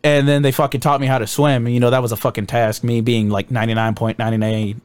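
A young adult man, a podcast guest telling boot camp stories, chats casually, swears a lot, and laughs as he acts out his drill instructors. His medium-pitched voice is level in tone, quick, clear, and resonant, with no echo.

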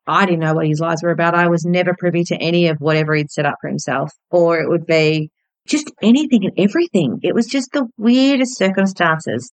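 A woman in her thirties speaks gently and candidly, reflecting as she tells a personal story on her podcast. Her voice sits on the low side, and the recording is dry and close to the mic. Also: animated, brisk, dry recording, poor audio. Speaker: podcast host.

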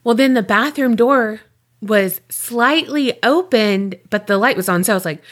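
A woman co-hosting a podcast, telling a rambling story in animated casual chat, swearing and laughing often. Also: a little high, normal speed. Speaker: podcast co-host.

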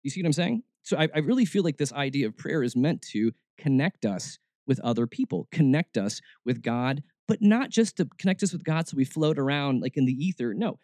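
A man's voice: mid-range voice, expressive, brisk, hardly any pauses, a little mellow, no room sound, studio quality. A man hosting a faith podcast, talking in a casual, reflective way and often restarting his words. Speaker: podcast host.

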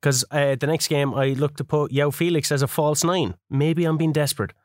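Give me a sweary, animated man. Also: on the high side, no room sound, clean studio sound. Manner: animated, swears freely, quick to laugh. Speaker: podcast co-host. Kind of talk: casual chat.

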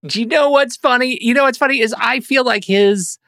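A man hosting a casual movie podcast, animated and quick to laugh, often restarting his sentences. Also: extremely high pitch, no echo, clean studio sound. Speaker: podcast host.

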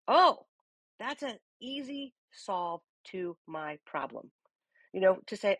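A woman's voice: mid-range voice, moderate pace, dry recording. A woman hosting a live audio room as a business coach, talking energetically and checking in with her listeners. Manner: lively, uses many rhetorical "okay?" check-ins.

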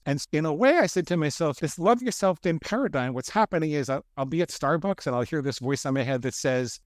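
A man in his fifties, a guest author, telling his story in a brisk, self-deprecating way. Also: a little high, animated, no room sound, clean studio sound. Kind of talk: storytelling interview talk.

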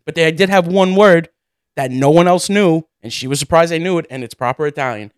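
A man's voice: fairly high pitch, brisk, dry recording, studio quality. Brash, joking podcast co-host man. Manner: brash, profane, jokey storytelling. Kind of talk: casual chat. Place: podcast studio.

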